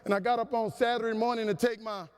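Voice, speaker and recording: A high-voiced male motivational speaker tells stories in a keynote at a large conference hall, speaking fast with a clear, resonant tone. Animated and humorous, he has a preacher-like cadence, and the recording carries long hall reverb.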